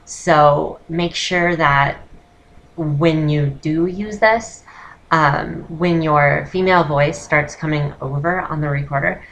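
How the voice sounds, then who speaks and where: A woman's voice: sits low, fairly bright tone, a little hiss or hum, rough recording. A woman talking straight to her viewers in a chatty, self-deprecating way as she explains a voice lesson in a casual vlog. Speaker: voice-lesson vlogger.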